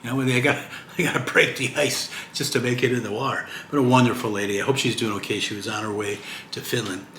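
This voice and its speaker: A man's voice: mid-range voice, fairly even intonation, fast, a bit bright. A retired man in his sixties talking casually to camera in a rambling vlog, often checking in with "okay?". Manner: chatty, rambling, keeps asking "okay?". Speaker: retired vlogger. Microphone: camera mic. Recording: roomy echo, faint hiss.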